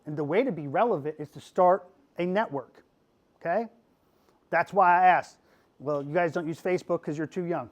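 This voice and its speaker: A middle-aged man from Pennsylvania, a podcast host, giving a lively classroom talk in a goofy, animated way and often checking in with "okay?". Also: a little high.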